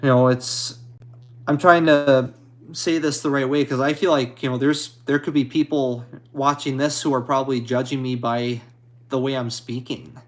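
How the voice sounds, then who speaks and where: A man streaming and answering viewer comments in a halting, hesitant way, apologetic and a little anxious. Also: medium pitch, little pitch movement. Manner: halting, hesitant, with many restarts; apologetic and modest. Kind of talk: casual live chat.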